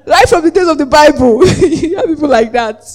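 A preacher giving a lively sermon, acting out the voices in the story, laughing often and asking the congregation whether they follow. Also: high-pitched, a little fast. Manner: asks the congregation "Are we together?".

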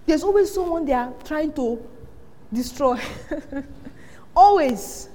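A high-voiced woman preaches in a hall with a long, ringing reverb. She tells stories in lively bursts and acts out the voices of the people she quotes. Her delivery swings between hushed asides and loud punchlines. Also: slow pace. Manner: animated storytelling, acting out quoted voices, frequent laughter. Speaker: pastor. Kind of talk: sermon.

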